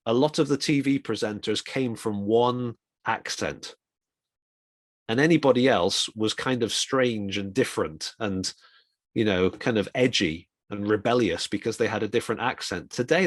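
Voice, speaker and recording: A middle-aged man giving an informal, reflective talk on communication for ministry, with quick asides. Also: fairly low pitch, no room sound, clean studio sound. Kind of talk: conversational talk.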